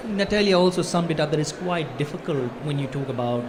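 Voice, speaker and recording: A man from Fiji answering as a panelist at a conference, speaking quickly and eagerly with many fillers. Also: a little high, expressive, noisy background. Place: conference pavilion.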